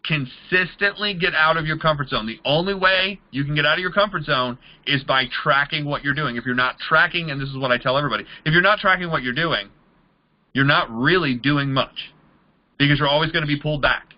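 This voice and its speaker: A man's voice: fairly high pitch, brisk, dull audio. A man leading a motivational sales training, talking in an emphatic, repetitive coaching manner. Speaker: MLM trainer.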